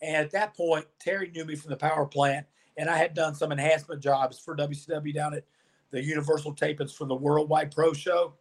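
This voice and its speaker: A man with a somewhat high voice tells stories as a podcast guest. He is animated and chatty, and he acts out other people's lines as he goes. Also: a little fast. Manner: animated storyteller, acts out quoted dialogue. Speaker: podcast guest, former pro wrestler. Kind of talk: storytelling interview answers.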